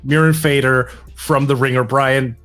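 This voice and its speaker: A man's voice: mid-range voice, fairly even intonation, unhurried, a bit bright, faint music behind. A man co-hosting a podcast interview who talks in an enthusiastic, playful way. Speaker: podcast co-host.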